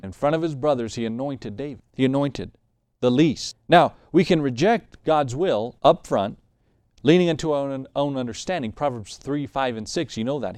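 Guy giving a sermon, clear resonant voice, talks it through like a conversation, dry recording. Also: mid-range voice, darkish tone, no echo. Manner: conversational preaching, acts out Bible figures' words. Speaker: pastor.

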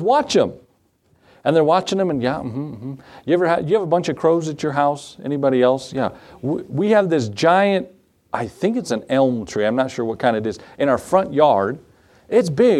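Male pastor, mid-pitched voice, chatty sermon delivery that questions the congregation and drops jokes. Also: a little mellow. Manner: conversational, quizzes the congregation, joking asides. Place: church.

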